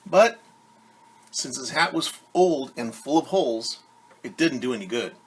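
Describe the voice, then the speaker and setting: A man's voice: medium pitch, animated, breathy edge. A male teacher reading a children's story aloud, speaking patiently to young listeners. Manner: slow, patient, addresses children directly.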